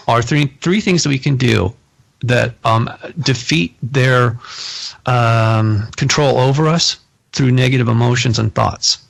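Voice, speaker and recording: Male host, gravelly and husky, animated storyteller who laughs a lot. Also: mid-range voice. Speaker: podcast host. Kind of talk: casual conversation.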